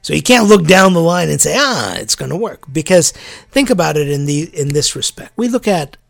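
A man, a church clergyman, giving a reflective sermon-like talk, musing aloud with animated emphasis and laughing at his own slips. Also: fairly high pitch, fairly quick, creaky.

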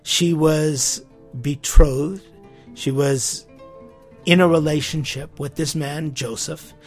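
A man preaching a sermon in a lively, conversational way, with asides and quick questions to his listeners. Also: fairly high pitch, soft background music.

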